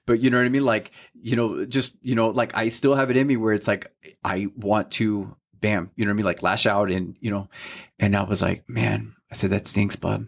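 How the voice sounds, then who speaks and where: A man in his thirties co-hosting a faith podcast describes an episode with his son in casual, heartfelt, earnest terms, relaying each person's words and often adding "you know what I mean." His lowish, gravelly voice keeps fairly even intonation at a normal speed.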